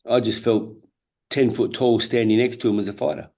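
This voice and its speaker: A man's voice: medium pitch, fairly even intonation, brisk, creaky, darkish tone. A man in his fifties with an Australian accent, telling his story as an interview guest in a candid, earnest way, swearing freely and often restarting his sentences. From Perth, Australia. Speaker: guest, former world champion boxer.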